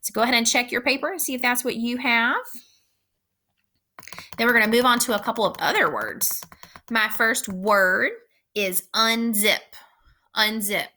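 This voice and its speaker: A woman teacher giving a recorded phonics lesson for young children, speaking slowly and patiently with careful, clear enunciation. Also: fairly high pitch, expressive, bright, forceful tone.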